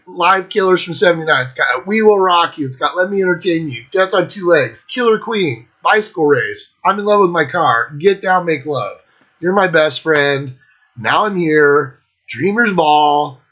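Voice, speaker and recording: A man's voice: fairly high pitch, sharp tone. A man hosting his own music show, ranking albums in a casual monologue, blunt and enthusiastic, swearing constantly. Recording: dull lo-fi recording.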